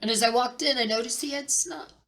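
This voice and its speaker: A middle-aged woman telling a personal story near tears, halting and repeating herself with pauses. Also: fairly high pitch, a bit bright. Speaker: vlogger sharing personal loss. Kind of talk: tearful personal account.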